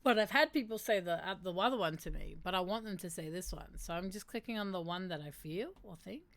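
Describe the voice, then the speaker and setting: A woman's voice: lowish voice, brisk, dry recording. A woman hosting a casual stream, reading statements aloud and reacting candidly and emotionally. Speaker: streamer host. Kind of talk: casual reflective stream chat.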